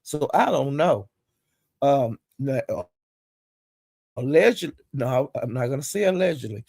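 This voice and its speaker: A woman's voice: very deep voice, lively intonation, measured pace, creaky, darkish tone, slightly rough, dry recording, studio quality. A woman vlogger giving casual gossip commentary, blunt and profane, sounding exasperated as she retells the drama.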